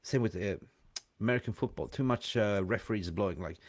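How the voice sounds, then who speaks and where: Chatty low-voiced man hosting a call-in. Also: no echo, clean studio sound. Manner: chatty, rambling, quick to laugh. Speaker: live show host. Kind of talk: casual call-in chat.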